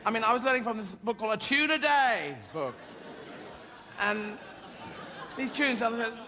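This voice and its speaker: Rambling British stand-up comic, high lively voice. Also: male voice, normal speed, pauses often, crowd noise. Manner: rambling, playful, swears freely. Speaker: stand-up comedian. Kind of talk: stand-up comedy. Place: large theater stage. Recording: live theater recording, echoing hall. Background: audience laughter.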